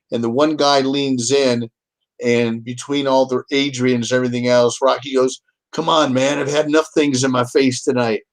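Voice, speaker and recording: A man's voice: medium pitch, poor audio. Man bantering easily as co-host. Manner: easygoing, jokes and tells anecdotes. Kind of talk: casual fan chat.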